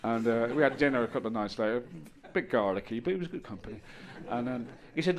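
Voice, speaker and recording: A middle-aged man doing a stand-up set on stage, telling stories deadpan with bursts of loud exasperation. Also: medium pitch, quick pace, hardly any pauses. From Ireland. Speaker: stand-up comedian. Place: comedy stage with audience.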